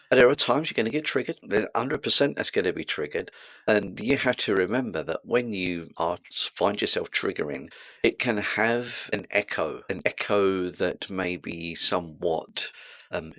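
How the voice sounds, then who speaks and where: A man with a Cockney accent talks his thoughts through in a deep, low voice. He muses aloud and keeps asking his listeners to agree with him. The sound is close and dry, with no room echo. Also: a bit bright. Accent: Cockney London. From England. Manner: musing, full of tag questions and asides. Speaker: spiritual vlogger. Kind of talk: reflective spoken monologue.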